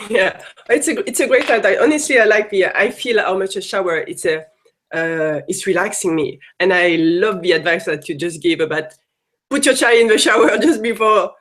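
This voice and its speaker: An interviewer asks questions in a halting way, full of fillers and restarts. The pitch sits in the middle range. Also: a bit bright. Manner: hesitant, many fillers.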